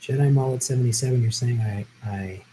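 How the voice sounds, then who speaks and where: Male stream host, mellow tone, laid-back chatty delivery, voice a bit worn. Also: medium pitch, slight background noise, rough recording. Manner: chatty, easygoing, quick to laugh. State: voice tiring after a long stream. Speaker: live stream host answering viewer questions. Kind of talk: casual live stream chat. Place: at home.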